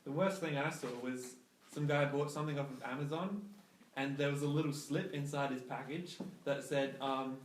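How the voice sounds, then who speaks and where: A man's voice: medium pitch, fairly even intonation, moderate pace, slight background noise. A man, co-hosting a casual podcast with wry, sardonic quips. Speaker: podcast co-host. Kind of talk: casual chat. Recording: distant, echoey room with group chatter.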